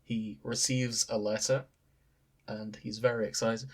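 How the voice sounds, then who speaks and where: A man's voice: lowish voice, little pitch movement, a little slow, breathy edge. A man, co-hosting a podcast and recounting a story with dry, wry asides in casual chat. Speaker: podcast co-host.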